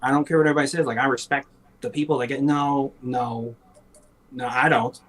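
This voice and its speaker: A man's voice: medium pitch, fairly even intonation, brisk, a bit bright, poor audio. A man co-hosting a casual talk show, sarcastic and profane, laughing often and mocking people in put-on voices. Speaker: podcast co-host. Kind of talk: casual chat.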